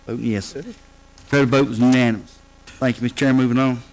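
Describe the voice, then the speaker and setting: A man chairing a county council meeting, calling motions and votes in a brisk procedural way. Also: medium pitch, steady tone, a little mellow, low-quality recording.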